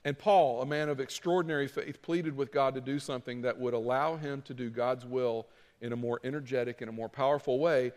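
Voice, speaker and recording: A man preaching a sermon as pastor, dramatic, moving between loud pleading and quiet asides. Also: medium pitch, fairly even intonation, brisk, long reverb tail.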